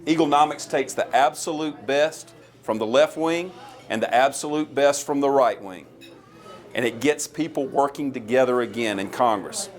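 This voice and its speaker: A man's voice: mid-range voice, normal speed. A man in his forties with a Southern American accent, giving an earnest, folksy campaign speech as a presidential candidate. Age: 40s. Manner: folksy, earnest storytelling with a crowd-rousing push.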